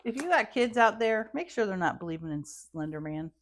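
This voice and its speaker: A woman's voice: mid-range voice, sing-song, fairly quick, slight background noise. A woman co-hosting a podcast, throwing in dry, teasing quips in casual chat. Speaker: podcast co-host.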